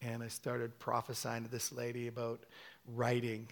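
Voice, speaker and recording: Man, middle-aged, preacher, lively storytelling sermon, voice leaps high for acted-out lines. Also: moderate pace, gravelly. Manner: animated storytelling, acting out quotes with sudden high-pitched bursts.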